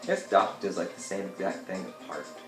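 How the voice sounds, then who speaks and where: A man rambling and joking through casual gameplay commentary, breaking into loud outbursts now and then. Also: sits low, lively intonation, normal speed. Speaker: gameplay video host. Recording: echoey room with game music behind.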